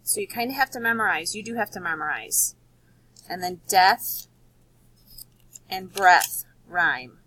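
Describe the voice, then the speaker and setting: Woman teacher, recorded kids' spelling lesson; slow, patient delivery with a husky edge. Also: lowish voice, lively intonation, pushed and bright, dry recording, rough recording. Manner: patient, explains slowly and repeats words.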